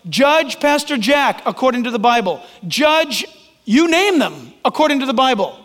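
A man's voice: extremely high pitch, big pitch swings, moderate pace, a bit bright, big-room sound. A man preaching a sermon as pastor, emphatic and joking, calling on listeners by name.

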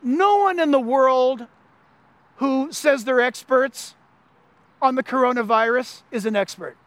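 A man with a very high voice delivers an animated sermon as a pastor. He preaches emphatically and leans on repeated phrases. The sound is close and dry. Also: unhurried, no room sound. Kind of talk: Easter sermon.

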